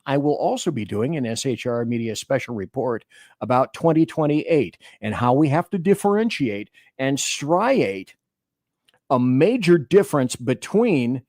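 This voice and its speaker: A man's voice: mid-range voice, a little mellow, dry recording, studio quality. A man hosting a political talk radio show, delivering emphatic commentary and reading listener chat aloud. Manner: emphatic, declamatory.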